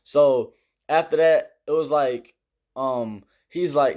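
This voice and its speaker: A man's voice: medium pitch, takes it slowly, a little mellow. A young man casually telling a story about army basic training, rambling and leaning heavily on fillers while he gestures through the steps. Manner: explains with hand gestures.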